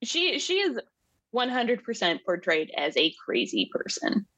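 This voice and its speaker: A woman in a casual podcast chat who talks slowly with a lively, swooping delivery. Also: on the high side, slightly rough, no echo. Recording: dry, distant from mic.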